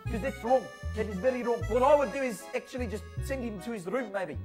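A man's voice: extremely high pitch, quick pace, music in the background, voice pushed up. A man voicing a fussy, scolding cartoon housewife with a South African accent, who lectures and keeps saying "actually".

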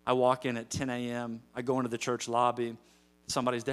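Energetic preaching pastor, man. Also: medium pitch, rapid-fire. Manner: energetic preaching, rising to loud emphatic calls. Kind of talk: sermon. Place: church sanctuary.

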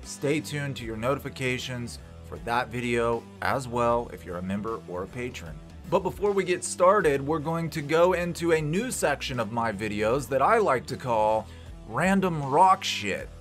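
A man's voice: mid-range voice, expressive, normal speed, fairly bright tone, faint music behind. A man hosting a rock-history vlog in a casual, jokey, irreverent way, swearing freely as he talks. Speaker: channel host.

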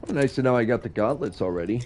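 A man's voice: mid-range voice, lively intonation, fast, a little mellow, a little hiss or hum. A man giving casual let's-play commentary on his game from his home setup, chatty and self-deprecating, his voice sounding slightly stuffy. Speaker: gaming YouTuber. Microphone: streaming from a game console.

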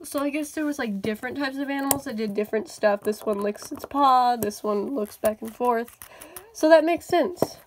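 A woman vlogger unboxing a toy haul, gushing and excitable, often exclaiming over how cute things are. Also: on the high side, background noise. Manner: gushing, excitable, many "oh my goodness".

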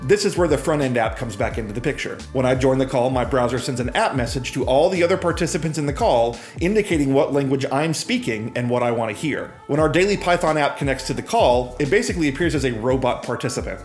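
A man narrates a scripted tech explainer in a breezy, upbeat tone, his voice sitting at an ordinary middle pitch. Soft music plays faintly underneath. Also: animated, fast, few pauses. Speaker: presenter demoing software.

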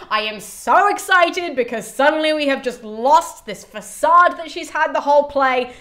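A woman presenter giving an animated, chatty summary of a classical play, swearing and laughing freely. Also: high voice. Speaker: YouTube presenter.

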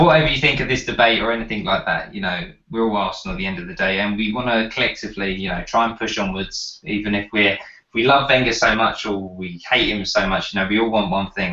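A man's voice: on the low side, bright, forceful tone. A man hosting a debate who wraps up the show hesitantly, with many ums. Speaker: debate host. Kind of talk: show wrap-up. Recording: echoey, muffled lo-fi room.

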